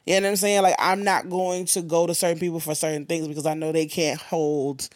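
A woman hosting a podcast, venting in casual chat with blunt, profane and animated talk. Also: low voice, fairly quick, no room sound, studio quality. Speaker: podcast host.

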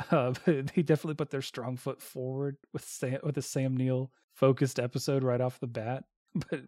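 A man co-hosting a casual podcast, talking in a halting way with dry humor and many restarts. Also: mid-range voice, mellow, no echo. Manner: hesitant, repeats words, dry humor. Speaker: podcast co-host.

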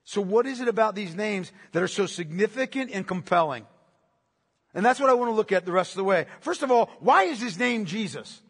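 A man's voice: sits high, lively intonation, a little fast, a bit bright, slightly rough, in a large hall. A man preaching a sermon as pastor, emphatic, repeating key phrases and asking rhetorical questions.

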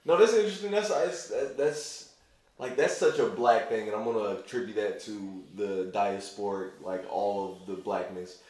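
Casual male co-host, low voice, rambling and loose, recorded in a very echoey room. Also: moderate pace, darkish tone. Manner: loose and rambling, heavy use of "like". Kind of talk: casual conversation.

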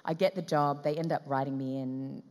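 An Australian woman with a low, warm-bottomed voice is telling stories animatedly in an interview. She slips in and out of quoted dialogue and laughs often. Her voice carries a long, reverberant tail from the room. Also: a little fast. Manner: lively, acts out dialogue in quotes, frequent laughs. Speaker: guest.

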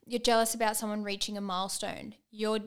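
A young mother co-hosting a podcast, talking in a relaxed, agreeable way and often chiming in. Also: medium pitch, fairly quick, clear, resonant tone. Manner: relaxed, agreeable, backchannels a lot. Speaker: podcast co-host. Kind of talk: casual chat.

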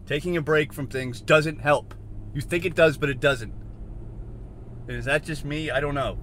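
A man hosting a solo podcast from inside a car, rambling and questioning himself, swinging from mutters to shouts. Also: a little high, fairly even intonation, normal speed, a little hiss or hum. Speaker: podcast host.

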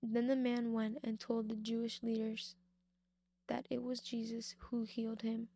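Woman, young adult, devotional Bible talk, somewhat high voice, dry sound, informal and repetitive for emphasis. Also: flat delivery, unhurried, mellow, no echo. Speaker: faith speaker.

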